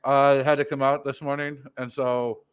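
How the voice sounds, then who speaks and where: A man's voice: mid-range voice, little pitch movement, normal speed, clear, resonant tone, no echo. Slurring man with a numb face. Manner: stammering, self-mocking. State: numb face after dental work, slurred. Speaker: radio show regular.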